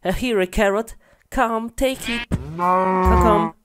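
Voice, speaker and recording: A woman's voice: mid-range voice, slow pace, slight background noise, close to an everyday voice. A woman voicing a bumbling animal doctor in a cartoon, coaxing and speaking in broken phrases.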